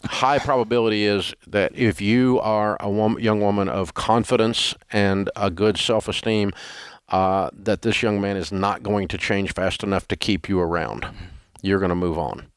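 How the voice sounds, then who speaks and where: A man's voice: fairly low pitch, fairly even intonation, moderate pace, clear, resonant tone, no echo, clean studio sound. An older man hosting a call-in advice show, blunt and folksy, joking as he talks to callers. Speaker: radio show host. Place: radio studio. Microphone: close studio mic.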